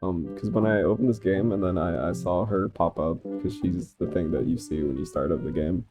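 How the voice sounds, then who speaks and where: A woman casually rambling through a gameplay commentary, chatty and quick to laugh at herself. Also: very deep voice. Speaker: gaming vlogger. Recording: game music behind.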